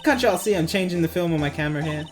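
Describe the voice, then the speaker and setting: A woman reading aloud as a brash, quick-tempered country woman photographer, scolding and folksy. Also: sits low, animated, over music, voice pushed up. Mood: defiant.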